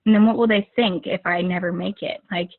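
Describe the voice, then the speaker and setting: A woman's voice: on the low side, fairly even intonation, brisk. A young woman giving an informal motivational talk over a video call, rambling, with many fillers and restarts. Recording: narrow phone-like video call audio.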